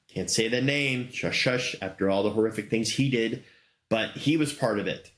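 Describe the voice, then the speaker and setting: A man's voice: fairly low pitch, moderate pace, a bit bright. A middle-aged man hosting a casual solo talk show, rambling enthusiastically with many fillers. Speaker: podcast host. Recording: roomy echo.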